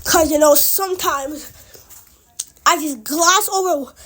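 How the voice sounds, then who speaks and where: A woman's voice: sits high, slow, a bit bright. A woman casually narrating a made-up story from a small recording closet, rambling with chatty asides.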